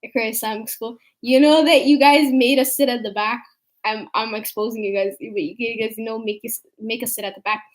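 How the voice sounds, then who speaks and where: A woman chatting casually with her sister, telling embarrassing stories in an animated way and acting out the quotes. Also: a little high, brisk. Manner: animated storytelling with acted quotes. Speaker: youtuber. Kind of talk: casual chat.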